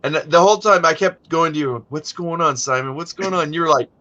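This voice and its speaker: A man with a fairly high, bright, forceful voice chats casually as host. He tells animated stories and acts out the people he quotes. The sound is a dull, lo-fi stream recording. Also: fairly quick. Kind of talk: casual chat.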